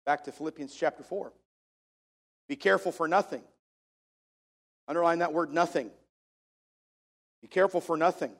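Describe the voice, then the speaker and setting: Gravelly high-voiced male preacher. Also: normal speed, pauses often. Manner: preacher cadence, repeats key phrases for emphasis. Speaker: pastor. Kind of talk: sermon.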